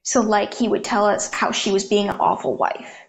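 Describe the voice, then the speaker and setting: Young woman with vocal fry, talking frankly. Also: mid-range voice, little pitch movement, normal speed. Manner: frank, conversational, heavy use of "like". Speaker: interview guest. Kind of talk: candid personal storytelling.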